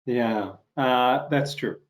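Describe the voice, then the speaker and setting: A man's voice: medium pitch, drawn-out words. A man whose first language is Russian, hosting an interview and asking reflective questions with many ums. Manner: reflective, frequent ums and you-knows. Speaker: interview host. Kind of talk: casual interview chat.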